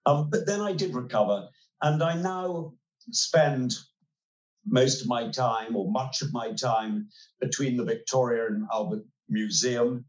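A man's voice: medium pitch, a little slow, lo-fi sound. Wry older man, roomy sound. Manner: articulate, wry storytelling with frequent hesitations. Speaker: interview guest. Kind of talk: relaxed conversational interview.

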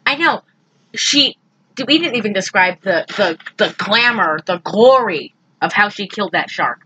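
A woman chatting casually about a movie, animated and quick to act out characters' lines in high, loud voices. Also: husky, no echo, poor audio. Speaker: podcast co-host recapping a movie. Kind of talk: casual chat.

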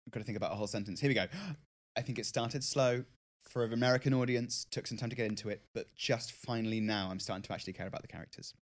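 A man co-hosting a podcast in casual chat, making quick, wry jokes. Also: lowish voice, fairly even intonation. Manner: quick, joking, wry asides. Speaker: podcast co-host.

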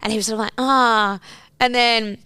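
A woman's voice: on the high side, fairly even intonation, moderate pace, bright, forceful tone, clean tone, no room sound, clean studio sound. A woman co-hosting a podcast, telling a long story in casual chat. She swears freely and fills her speech with "like.". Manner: chatty storytelling, swears often, many filler "like"s. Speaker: podcast co-host.

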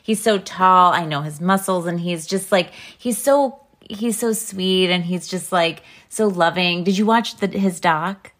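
A woman's voice: lowish voice, unhurried, hardly any pauses, fairly bright tone. A woman in her late thirties hosting a podcast, enthusiastic and gushing in casual interview chat. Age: late 30s. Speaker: podcast host.

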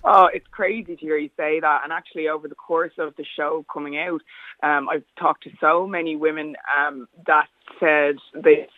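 A woman, a guest presenter, speaking in a friendly, soft-spoken way in a radio interview. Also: low-pitched, fairly even intonation, moderate pace, no echo. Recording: tinny phone line.

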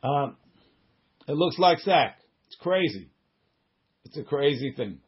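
Slightly husky man teaching Talmud. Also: on the high side, animated, slow pace, highs cut off. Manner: reads Hebrew and Aramaic then explains in English, with restarts and side remarks. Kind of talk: Talmud study class, reading and translating.

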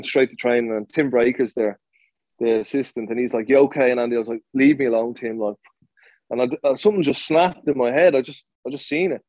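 Blunt, swearing man, mellow dry voice. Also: mid-range voice, no echo, dull audio. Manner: blunt, swears freely, animated retelling with rapid restarts. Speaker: former professional footballer. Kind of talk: storytelling in a podcast interview.

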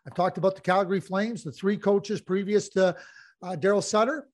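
A man's voice: high voice, fairly even intonation, moderate pace. A man hosting a sports talk show, blunt and emphatic, repeating himself for effect. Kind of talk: heated hockey talk.

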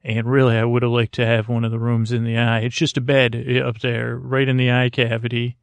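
A man improvising a bedtime story, rambling and halting with many restarts. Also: mid-range voice, monotone, gravelly, clean tone, dry recording.

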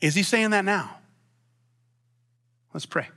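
A man preaching a sermon as pastor, long-winded and animated, with frequent restarts. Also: high-pitched, takes it slowly.

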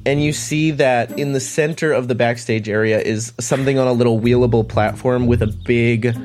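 A man's voice: medium pitch, steady tone, darkish tone, soft background music. Man game master narrating a scene. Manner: descriptive, halting, full of likes and restarts.

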